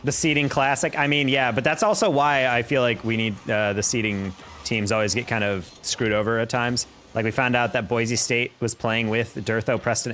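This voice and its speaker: Young guy casting rocket league style plays live, fast play by play that spikes up when stuff happens, chats with viewers, mid voice. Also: mid-range voice. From New York. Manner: rapid play-by-play that jumps up in excitement, chatting with viewers between plays. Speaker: esports caster. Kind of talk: live-streamed play-by-play commentary with chat.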